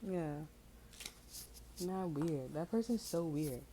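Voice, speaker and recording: Woman, low voice, mellow dark tone, slangy rambling chat, amused, tarot reader. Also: animated, takes it slowly, a little hiss or hum, rough recording. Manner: slangy, rambling, frequent fillers; amused, breaks into laughter. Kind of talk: casual chat.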